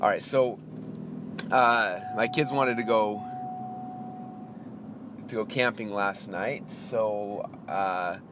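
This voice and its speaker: Inside a car with a noisy background, a podcast host with a lowish voice tells a story as a casual, ranting monologue, acting out both sides of the conversation. When exasperated, he gets heated and speeds up.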